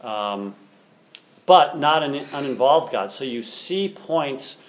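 A man's voice: medium pitch, animated, takes it slowly. Male teacher, classroom lecture, keen and explanatory, reads aloud then unpacks it.

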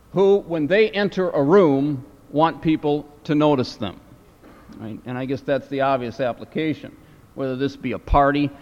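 A man teaching a class, lecturing slowly and deliberately, with many fillers and questions put to his students. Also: on the high side. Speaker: Hebrew teacher. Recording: dull lo-fi lecture hall recording.

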